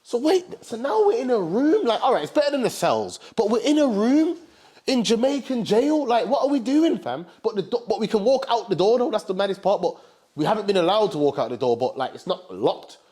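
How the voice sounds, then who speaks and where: A young man from England telling a story in a casual, animated way, full of slang like bro and fam. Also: high-pitched, fairly quick, slightly rough.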